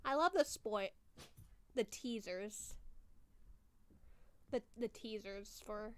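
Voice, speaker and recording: A woman's voice: mid-range voice, slow pace, clean tone. A woman streamer chatting casually through a movie watchalong, laughing often and swearing offhandedly.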